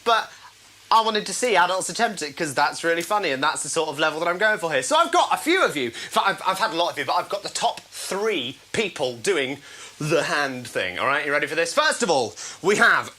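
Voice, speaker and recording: A man hosts a light comedy show from home in a bright, forceful voice, his pitch leaping around as he jokes. He talks in a playful, self-mocking way and laughs easily at his own material. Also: very animated, normal speed, low-quality recording. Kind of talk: casual live show chat.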